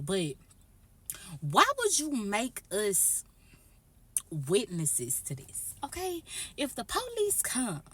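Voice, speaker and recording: A woman vlogger telling an animated, profane, slangy story straight to camera. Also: on the high side, husky, dry recording. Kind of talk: storytime vlog.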